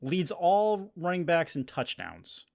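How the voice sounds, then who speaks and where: A man's voice: a little high, very animated, slow, vocal fry, a little mellow. Hesitant man reading sports predictions. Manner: hesitant, restarts often, laughs easily. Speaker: podcast co-host. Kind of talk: casual sports podcast chat.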